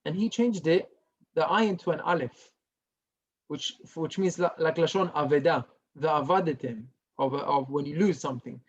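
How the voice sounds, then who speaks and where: A male rabbi giving a Torah lesson as a story, lively and dropping to a hush for the dramatic parts. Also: on the high side, normal speed, muffled recording. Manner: animated storyteller who drops to a hushed tone for dramatic parts.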